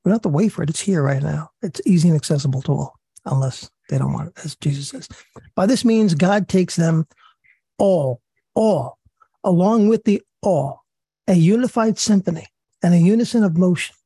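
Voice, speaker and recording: A man with a raspy voice leading a religious study session, reading passages and commenting earnestly with fillers and repeated words. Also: high voice, moderate pace, mellow, no room sound. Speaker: study group leader.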